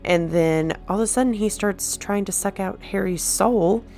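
A woman's voice: mid-range voice, a little mellow, faint music behind. A woman giving a chatty, sarcastic recap of a movie, briefly acting out the characters' lines. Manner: chatty, sarcastic, quick quoted voices.

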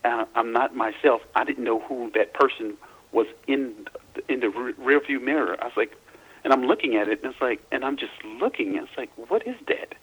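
A man from Louisiana, an interview guest, recounting personal experiences in a halting way, often repeating and restarting words. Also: mid-range voice, steady tone, fairly bright tone, breathy edge, poor audio.

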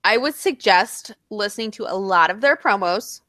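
A woman in casual chat, animated and blunt, swearing freely. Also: medium pitch, moderate pace, no room sound, studio quality.

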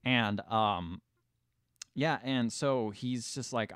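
A man's voice: mid-range voice, slow, a bit bright, clear, resonant tone, dry recording, studio quality. Man retelling a film scene, rambling. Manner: retells scenes with acted quotes, loose and rambling. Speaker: podcast co-host. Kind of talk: casual movie review chat.

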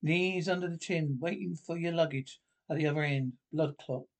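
An actor with a Scottish accent playing a cantankerous old pensioner who trades blunt, gruff banter with his pals in a sitcom. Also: a little high, normal speed, close to an everyday voice. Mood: grumbling. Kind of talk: sitcom acting.

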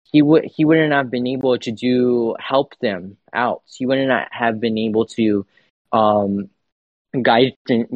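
A man sharing reflectively in a bible study, halting and searching for words. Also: medium pitch, no echo, lo-fi sound.

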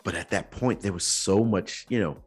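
A man's voice: low-pitched, moderate pace, husky, faint music behind. A man hosting a podcast, earnestly telling a personal story in a reflective way, sometimes using casual slang. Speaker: podcast host.

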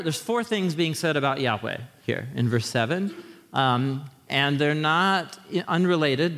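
A man giving a conversational sermon with slides, talking straight to his listeners in an animated way and often restarting his sentences. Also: mid-range voice. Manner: animated, talks to the audience directly, frequent restarts. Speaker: teacher preaching a sermon series. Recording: long hall reverb.

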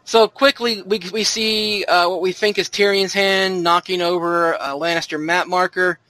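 A man with a fairly high voice hosts a casual podcast, steering the talk with quips and easy laughter. The sound is dry and close, with no room around it. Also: steady tone, moderate pace, bright, forceful tone, dry recording. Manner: jokey, leads the discussion. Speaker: podcast host. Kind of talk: casual chat about a TV trailer.

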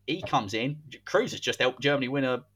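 A man's voice: medium pitch, expressive, brisk, fairly bright tone, husky. A man, hosting a podcast and telling a football story in a casual, dramatic way. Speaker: podcast host.

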